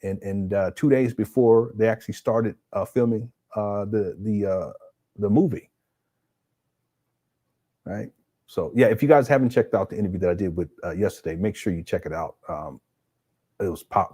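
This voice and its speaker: A man's voice: fairly low pitch, normal speed, a little mellow. Chatty man hosting a live stream. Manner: talks off the cuff, stammers and repeats words; reads viewer comments aloud and reacts. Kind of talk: casual live stream commentary. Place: home setup.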